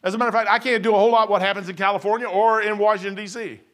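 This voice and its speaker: A man's voice: sits high, steady tone, racing, fairly bright tone. A man preaching an informal sermon in an emphatic, conversational way, often repeating and restarting his words.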